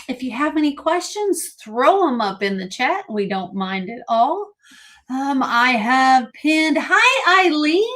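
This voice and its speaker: A woman's voice: high-pitched, fairly bright tone. A woman hosting a live-stream auction, cheerfully explaining the rules and greeting viewers by name. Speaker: live sale host.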